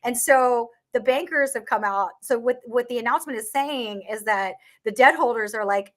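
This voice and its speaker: A woman's voice: fairly high pitch, moderate pace, few pauses, a bit bright. A woman in a casual online chat, talking through an investment topic with frequent laughs, fillers and restarts. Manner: chatty, laughs often, many restarts and fillers. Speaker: market commentator.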